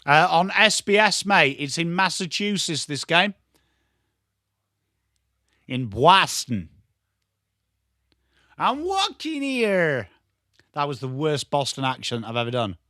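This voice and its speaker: A man's voice: fairly high pitch, moderate pace, hardly any pauses, sharp tone, no echo, studio quality. A man with an English accent giving live, chatty and jokey football watchalong commentary, greeting viewers by name. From England. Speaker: watchalong streamer.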